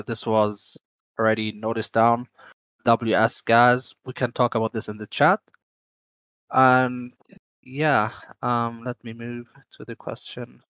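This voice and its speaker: A man with a German accent hosting a casual online Q&A, speaking haltingly with many restarts and self-corrections. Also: mid-range voice, fairly bright tone, smooth, dry recording. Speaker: AMA host.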